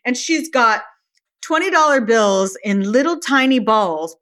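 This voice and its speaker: A woman guest telling a story in a casual podcast interview. She is animated and acts out every quote, and her voice sits a little high for a woman. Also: a little slow.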